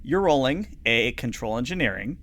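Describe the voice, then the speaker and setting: A man's voice: medium pitch, lively intonation, moderate pace, fairly bright tone, slight background noise. A man narrating as game master of a tabletop game, chatty and full of fillers.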